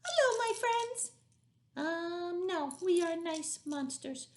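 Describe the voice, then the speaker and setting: A woman voicing a small, friendly monster finger puppet that gently tells children it is not scary. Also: very high voice, animated, takes it slowly, voice pushed up, heavily acted. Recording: roomy echo, faint noise.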